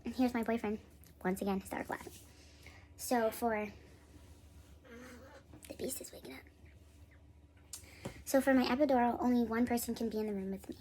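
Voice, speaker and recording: Animated young woman telling a story. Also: on the high side, slight background noise. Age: young adult. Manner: animated, acts out the voices of others in the story. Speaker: vlogger. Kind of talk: casual storytelling.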